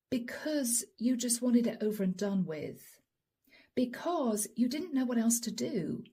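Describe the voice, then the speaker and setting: Soft-spoken husky woman reading tarot. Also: a little high, lively intonation, a little slow. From Europe. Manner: soft, emotional, often drops to a whisper. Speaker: tarot reader.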